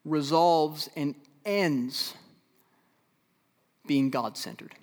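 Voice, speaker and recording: A Midwestern pastor preaching a sermon in a slightly high male voice. He rises to loud, insistent emphasis and then settles into slow, hushed passages. The sound carries the long reverb of a large hall. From American Midwest.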